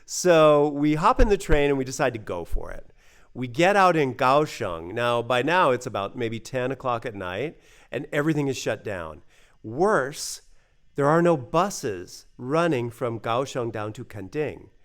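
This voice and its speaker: American guy telling a travel story, lively, acts out everyone's lines, lots of uhs. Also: mid-range voice, measured pace. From United States. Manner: animated, acts out quoted voices, many fillers. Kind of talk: casual spoken storytelling.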